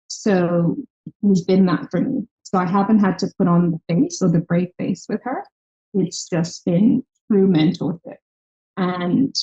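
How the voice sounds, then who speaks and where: Warm-voiced woman telling a story. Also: on the low side. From Ireland. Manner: animated storyteller who acts out quoted people. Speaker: startup founder and podcast guest. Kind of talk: conversational interview. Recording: slightly dull lo-fi recording.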